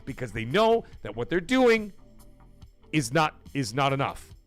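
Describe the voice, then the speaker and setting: A man's voice: medium pitch, very animated, a little slow, soft background music. A man hosting a gaming livestream, talking to chat in an emphatic, blunt way with swearing. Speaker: gaming show host.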